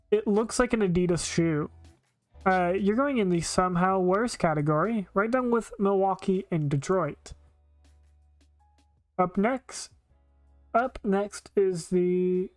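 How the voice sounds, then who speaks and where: A woman's voice: mid-range voice, dry recording. A woman streaming live, giving blunt, opinionated casual commentary with frequent filler words.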